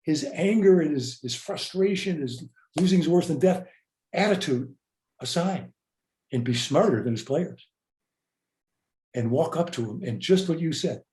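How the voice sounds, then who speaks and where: A man's voice: a little high, animated, measured pace, pauses often, a little mellow, echoey room. An older man hosting a podcast, reflecting earnestly and often repeating words as he speaks. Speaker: podcast host. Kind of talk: reflective interview talk.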